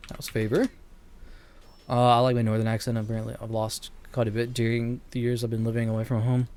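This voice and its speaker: A man's voice: medium pitch, completely flat delivery, fast, darkish tone. Chatty man with a slight Southern drawl. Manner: rambling, chatty, laughs often, talks to chat. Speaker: game streamer. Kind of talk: casual gaming stream chat.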